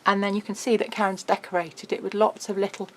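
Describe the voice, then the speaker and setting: A woman's voice: mid-range voice, little pitch movement, slight background noise. A middle-aged woman, presenting a craft album in a casual, bubbly walkthrough. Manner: chatty, bubbly, quick laughs.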